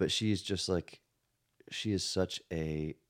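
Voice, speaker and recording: A man in his thirties from Texas, a guest in a relaxed podcast conversation, reflective and self-deprecating, talking in a house. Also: low-pitched. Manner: reflective, self-deprecating, quick to mimic voices. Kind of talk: casual chat. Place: room in a house.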